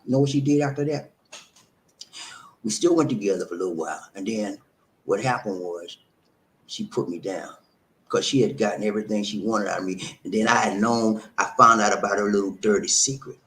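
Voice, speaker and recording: Emphatic man telling a story. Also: fairly low pitch. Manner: emphatic, keeps saying "man", laughs at himself. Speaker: vlog host. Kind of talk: personal storytelling to viewers.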